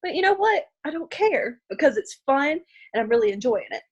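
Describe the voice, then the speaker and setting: A woman's voice: sits high, very animated, fairly quick, muffled recording. A young woman with a Southern American accent from Arkansas, sharing a personal testimony, tearful and laughing through her nerves. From Arkansas, USA. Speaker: team member sharing her story.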